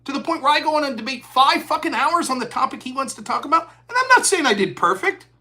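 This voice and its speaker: A man's voice: extremely high pitch, big pitch swings, fast talker, pushed and bright. A man of forty hosting a live stream, talking in a profane, heated rant. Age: 40s. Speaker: host.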